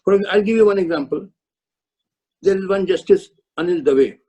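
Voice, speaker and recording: Casting note: older retired judge, firm and lecturing, high voice with a dark husky tone. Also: male voice, moderate pace, low-quality recording. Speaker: retired Supreme Court judge speaking to law students. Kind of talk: webinar answers to student questions. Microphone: video call.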